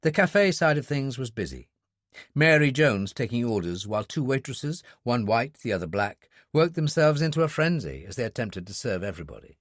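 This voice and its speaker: A man narrating a thriller audiobook in a steady, expressive storytelling voice. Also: mid-range voice, normal speed, dry recording, studio quality. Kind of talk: scripted narration.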